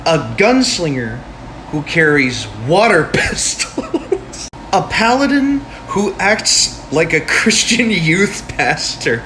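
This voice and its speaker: A man's voice: fairly high pitch, fairly bright tone, slight background noise. A man reading out a comic list of character ideas, chuckling between them in a playful delivery. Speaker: comedy skit creator.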